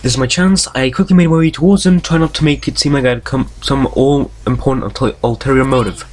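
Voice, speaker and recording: A man's voice: mid-range voice, fast talker. Swearing man reading a visual novel. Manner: swears freely, breaks off into tangents and jokes; reads story text aloud, stumbling over words. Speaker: let's play host.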